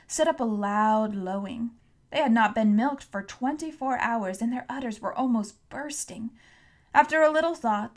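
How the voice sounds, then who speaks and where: A woman reads a classic novel aloud as an audiobook narrator. Her voice sits somewhat high, and she tells the story steadily and clearly. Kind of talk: scripted narration.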